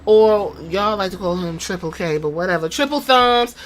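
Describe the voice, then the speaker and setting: A woman hosting a podcast, recapping a wrestling show in casual, profane, animated storytelling with quoted impressions. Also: mid-range voice, moderate pace. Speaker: podcast host.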